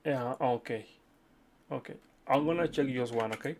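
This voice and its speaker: Gravelly-voiced man hosting a live chart stream. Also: medium pitch, moderate pace, darkish tone, a little hiss or hum. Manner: chatty, repeats okay, addresses viewers as friends. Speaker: livestream host reading viewer chart requests. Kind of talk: casual live chart analysis.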